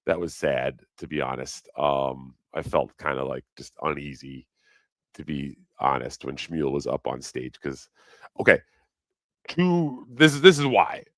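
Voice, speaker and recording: A man's voice: extremely low pitch, lively intonation, measured pace, fairly bright tone, no echo. A man hosting a casual live stream, rambling and swearing freely, often breaking into laughter. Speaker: livestream host.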